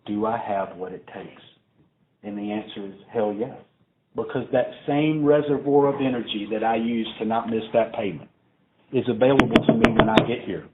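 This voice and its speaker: A man's voice: lowish voice, steady tone, moderate pace. A man tells a loose, rambling story at a recovery meeting, swearing casually and drifting into asides. His voice comes through a narrow, phone-like sound with a faint hiss underneath. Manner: profane, digressive, conversational. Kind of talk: live storytelling talk to a crowd.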